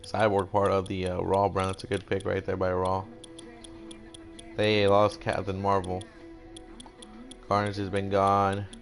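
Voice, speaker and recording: A man's voice: low voice, measured pace, pauses often, soft background music. A young man commentating a video game draft in a casual, playful way, acting out the teams' reactions. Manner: animated, playful, acts out brands in voiced quotes, swears casually. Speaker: gaming commentator.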